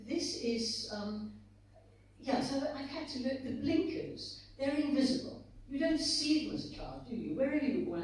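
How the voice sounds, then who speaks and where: An older woman from South Africa, speaking as a guest author on a conference stage. She reflects on the past and tells stories as she walks through pictures shown to the audience. Her voice carries loud reverb and sits well away from the mic. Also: mid-range voice, far from the mic. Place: conference hall. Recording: very echoey hall, voice from off-mic.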